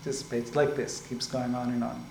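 A man giving a spiritual discourse as a teacher. He explains slowly and often checks in with "right?" and "like this". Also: mid-range voice, little pitch movement, creaky, a little mellow. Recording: echoey room with faint ambient noise.

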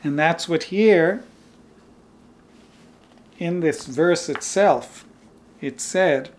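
A man giving a spiritual teaching talk on Vedanta. He speaks unhurriedly, chuckles lightly as he explains, and often closes a point with a soft "right?" or "like this". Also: a little high, drawn-out words.

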